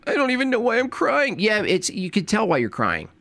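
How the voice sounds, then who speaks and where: A man hosting a reaction commentary, scornful and preachy, jumping from loud jabs to low mutters. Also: huge pitch swings, brisk, dry recording. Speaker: commentary host.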